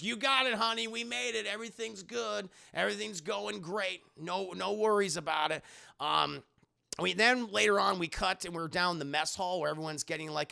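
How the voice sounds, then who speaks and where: For his live chat, a young man gives a loose, rambling spoken film review, swearing freely. His slightly high voice sounds bright and edgy, with a strong gravelly fry.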